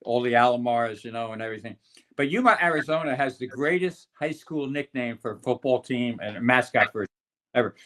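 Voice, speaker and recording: A man's voice: medium pitch, brisk, a bit bright. An older man, a sportswriter guest, telling long anecdotes with frequent restarts and chuckles. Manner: rambling, chuckling storyteller with many restarts. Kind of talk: anecdotal podcast storytelling.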